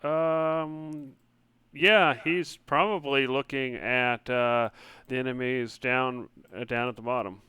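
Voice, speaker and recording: A man running a tabletop game as game master, relaxed and hesitant, with many fillers. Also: mid-range voice, slow pace, clean tone, dry recording.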